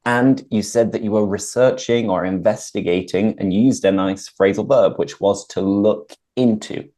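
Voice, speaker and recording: A man's voice: on the low side, moderate pace, mellow. A British man hosting an English lesson chat, breaking down idioms and phrasal verbs on a video call. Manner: explains vocabulary clearly. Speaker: host, English teacher. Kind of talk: casual conversation, teaching.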